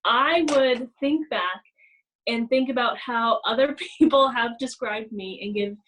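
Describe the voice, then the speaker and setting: A woman co-hosting a casual chat, talking in an animated way with many "like" fillers and acting out gasping apologies. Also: fairly high pitch, unhurried, poor audio. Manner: frequent "like" fillers. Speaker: podcast co-host.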